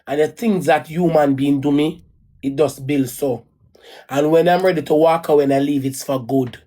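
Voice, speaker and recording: A woman's voice: sits low, normal speed, warm tone. A woman with a Jamaican accent telling a personal story in a casual, rambling rant, repeating herself and swearing bluntly. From Caribbean. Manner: rambling and repetitive, restarts and repeats phrases. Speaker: vlogger.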